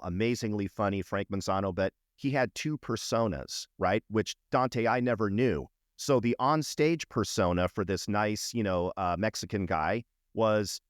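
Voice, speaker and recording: A man's voice: lowish voice, no echo, clean studio sound. A man hosting a podcast, reacting eagerly and chatting about comedy club days. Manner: excitable, quick to react and laugh. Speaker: podcast host. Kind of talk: casual chat. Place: podcast studio.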